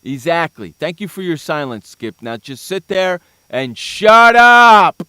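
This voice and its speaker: A man co-hosting a sports radio show, ranting and hurling mock insults in bursts of loud scorn. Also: a little high, expressive, moderate pace, dry recording. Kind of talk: comedic sports talk rant.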